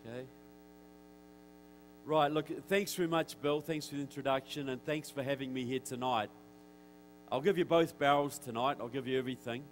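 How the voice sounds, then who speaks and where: A man with a New Zealand accent giving a direct, forceful speech to an audience in a church, with wry asides. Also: mid-range voice, fairly even intonation, normal speed, long pauses, a little hiss or hum, rough recording. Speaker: guest speaker. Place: church hall.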